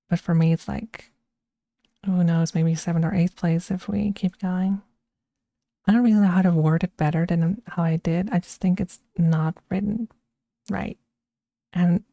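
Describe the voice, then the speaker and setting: Slow gravelly-voiced woman streamer. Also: lowish voice, dark tone, no echo, studio quality. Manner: unhurried and opinionated, with frequent restarts. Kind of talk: casual chat, ranking films.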